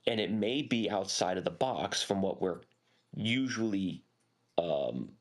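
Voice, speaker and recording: Male guest, fairly low voice, deliberate and measured, restarts often. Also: lively intonation. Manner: measured, deliberate, repeats words. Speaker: panel guest. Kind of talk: casual panel discussion.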